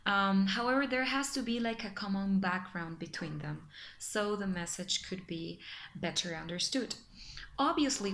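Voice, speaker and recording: A woman's voice: mid-range voice, fairly bright tone, slight background noise. A woman whose first language is Spanish, presenting a lesson with careful pacing, frequent fillers and self-corrections. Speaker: student presenter. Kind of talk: explanatory lesson.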